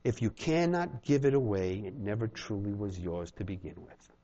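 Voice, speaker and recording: Speaking at a moderate pace in a lowish voice, a male pastor delivers a sermon to a small congregation. He is animated, performs short back-and-forth dialogues, and jokes with the listeners; the recording has its highs cut off.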